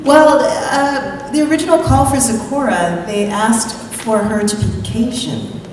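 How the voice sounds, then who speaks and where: A woman voice actor telling a lively, chatty story on a convention panel, laughing often. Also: on the high side, unhurried, a little hiss or hum. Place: large convention hall with audience. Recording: echoey hall from far off with crowd.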